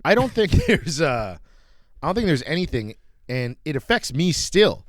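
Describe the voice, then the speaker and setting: Animated young man telling stories. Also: a little high, normal speed, no echo, clean studio sound. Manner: swears freely, animated storyteller. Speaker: podcast co-host. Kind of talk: casual storytelling. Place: green room.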